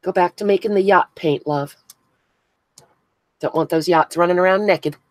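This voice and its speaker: Chatty crafter with a dry close sound. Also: female voice, on the low side, normal speed, dry recording, low-quality recording. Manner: chatty, greets viewers by name, thinks aloud while working. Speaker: craft channel host. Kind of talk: casual live-stream chat while crafting. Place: indoors at a crafting table.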